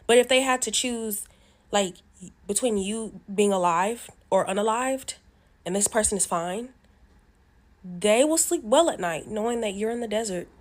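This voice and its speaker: A woman giving casual commentary to camera, making her points in an emphatic, exaggerated way. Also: medium pitch.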